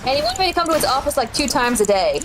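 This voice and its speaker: A woman's voice: high-pitched, expressive, very fast, music in the background. A woman, telling a story in casual chat as a streamer and laughing often.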